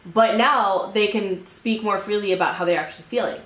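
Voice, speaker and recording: A woman's voice: medium pitch, a little fast, a bit bright. Supportive woman co-host, echoey room. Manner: supportive, adds to his points. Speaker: podcast co-host. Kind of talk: casual conversation. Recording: roomy echo.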